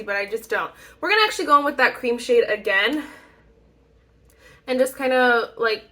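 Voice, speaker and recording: A woman's voice: medium pitch, sharp tone. A young woman chatting casually through a makeup tutorial, rambling and self-deprecating, with frequent ums and little laughs. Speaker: beauty YouTuber.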